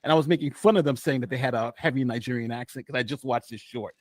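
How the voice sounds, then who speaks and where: A man's voice: medium pitch, fast, no room sound. A man co-hosting a casual live stream, boastful and rambling, often repeating himself. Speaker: co-host.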